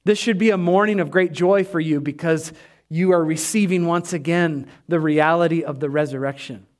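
A male pastor preaches with an animated, emphatic delivery and hammers key phrases through repetition. His voice sits high for a man. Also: normal speed. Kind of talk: sermon.

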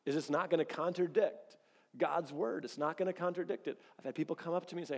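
A man preaching a sermon as pastor, telling lively stories and acting out bits of dialogue. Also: fairly high pitch, fast, creaky, big-room sound. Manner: animated storytelling, acts out quoted dialogue.

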